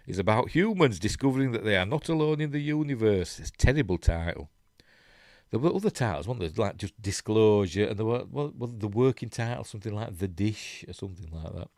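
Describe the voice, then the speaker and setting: A man's voice: lowish voice, darkish tone, no echo, studio quality. A man with a Yorkshire accent hosting a live stream, chatting casually, reading news articles aloud and chuckling, with lots of rhetorical tag questions. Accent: Yorkshire English. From Yorkshire, England.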